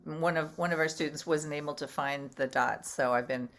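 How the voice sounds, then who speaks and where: Woman class helper, hesitant, gravelly voice, video call. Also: sits low, moderate pace, fairly bright tone.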